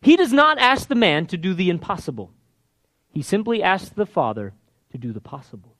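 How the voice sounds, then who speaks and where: A male preacher delivers a sermon with a lively, animated voice that sits a little high. He acts out the desperate pleas in the scripture, sinking to a near-whisper and then rising again. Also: moderate pace.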